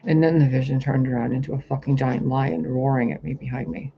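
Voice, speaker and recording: A man's voice: medium pitch, fairly even intonation, a little fast. A man who works as a spiritual reader, describing a vision to camera in a rambling, intense monologue and swearing often. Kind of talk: vlog monologue about a vision. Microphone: camera mic, talking to camera. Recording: dull lo-fi sound with faint hiss.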